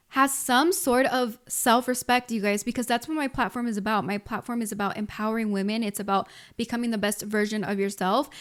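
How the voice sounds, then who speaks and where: A woman in her twenties hosts a solo podcast, giving motivational advice in a casual, emphatic way. She leans on filler words and keeps addressing her listeners directly. Her voice sits a little high. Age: 20s. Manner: casual and emphatic, frequent "like" and "you guys". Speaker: podcast host.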